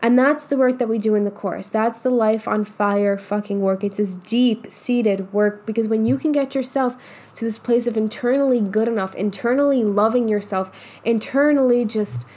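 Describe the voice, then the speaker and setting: Casual, profane woman coach with a mellow voice. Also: on the high side, fairly even intonation, moderate pace. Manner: casual, swears often, emphatic. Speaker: manifestation coach. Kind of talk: motivational monologue.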